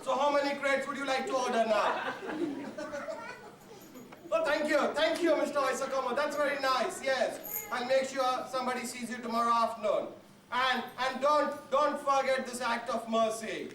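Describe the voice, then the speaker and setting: A man playing a pushy cola telesales caller with a foreign accent, who spells words out slowly on stage. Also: very high voice, fairly even intonation, a crowd in the background, noisy background. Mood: cheerful. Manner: over-explaining, spells words out. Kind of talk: amateur stage comedy acting. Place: hotel function room stage. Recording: echoey hall miked from far, audience.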